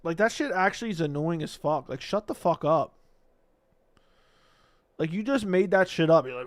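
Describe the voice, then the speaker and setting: A man's voice: a little high, animated, normal speed, pauses often. A man hosting a casual live stream, reading viewer comments aloud and ranting back at them with brash, profane talk. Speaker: livestream host.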